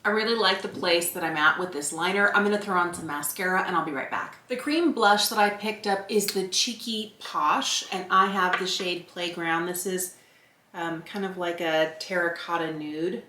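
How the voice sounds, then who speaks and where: Woman, 50s, beauty vlogger, casual makeup review, candid, thinking aloud, lowish voice, echoey room. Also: moderate pace, pushed and bright. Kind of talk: casual product review while applying makeup. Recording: roomy echo.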